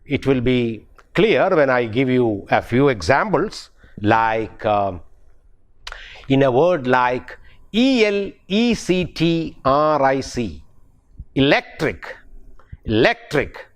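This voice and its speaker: Slow, lively-pitched Indian man lecturing. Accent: Indian English. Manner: spells words letter by letter, repeats key words slowly. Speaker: university English professor. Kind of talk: pronunciation lecture.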